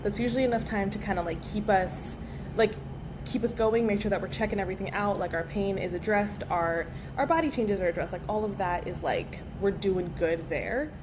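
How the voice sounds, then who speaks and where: A woman physical therapist chatting as a podcast guest, speaking in quick run-on sentences full of "like". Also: medium pitch. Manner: fast, filler-heavy, frequent "like". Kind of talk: casual podcast chat. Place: podcast studio. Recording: background noise.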